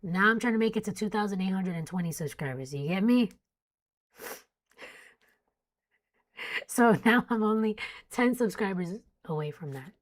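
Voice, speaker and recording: A woman's voice: medium pitch, expressive, moderate pace, pauses often. Chatty woman hosting a weather livestream. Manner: chatty, reads warnings then jokes with chat. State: sleepy, yawning. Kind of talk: casual live weather coverage.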